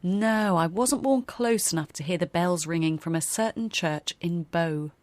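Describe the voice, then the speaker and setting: A woman's voice: on the low side, measured pace, no room sound. A woman from London co-presenting a scripted language lesson and explaining words. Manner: lively, explaining. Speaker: co-host.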